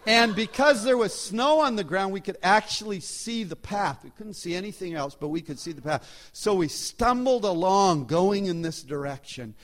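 A man telling a personal anecdote to a live audience in a chatty, animated way, his loudness shifting as he goes. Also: sits high, normal speed, hardly any pauses. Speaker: storyteller.

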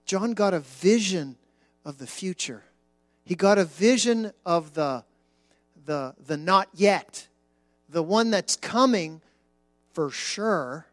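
High-voiced pastor guy preaching slow, big emphasis then quiet drops, dry sound with faint music behind. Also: animated, no echo. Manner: emphatic, repeats words for stress, dramatic drops to near-whisper. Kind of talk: sermon.

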